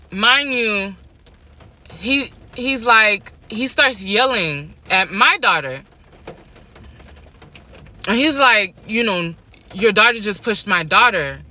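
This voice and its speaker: A young adult woman telling a personal story on her vlog, animated, repeating lines for emphasis and laughing between them. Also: fairly high pitch.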